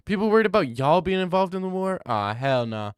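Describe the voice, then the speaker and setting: A man's voice: sits high, very animated, a little fast, clear, resonant tone, dry recording, studio quality. A young man hosting a livestream, reading out chat and rambling in a crude, jokey, casual way. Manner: rambling, crude, jokey, slips into silly voices. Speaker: livestream host answering chat.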